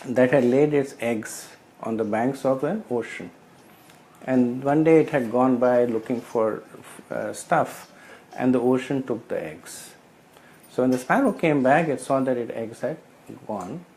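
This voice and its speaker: A man's voice: medium pitch, lively intonation, normal speed, darkish tone, a little hiss or hum, rough recording. Hesitant man sharing spiritual insights. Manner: hesitant, many fillers, explanatory with analogies. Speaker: participant sharing realizations in a scripture study group.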